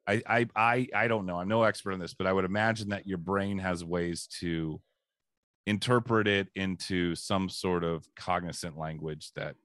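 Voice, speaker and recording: A man's voice: sits low, steady tone, normal speed, fairly bright tone, no room sound, studio quality. A man chatting casually on a podcast, hesitant and thinking aloud with restarts. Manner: hesitant, full of fillers and restarts. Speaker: podcast co-host. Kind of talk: casual chat.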